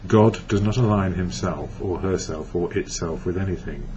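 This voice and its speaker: A man's voice: low voice, normal speed, darkish tone. A man from England giving a reflective personal monologue about recovery, rambling and correcting himself as he goes. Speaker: recovery blogger. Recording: dull lo-fi with faint hiss.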